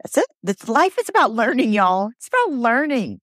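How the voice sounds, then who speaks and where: A woman's voice: fairly high pitch, big pitch swings, normal speed, a bit bright, no echo, studio quality. A woman hosting her podcast alone, speaking, earnest and emotional, often stumbling and repeating words. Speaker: podcast host. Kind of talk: heartfelt solo podcast monologue.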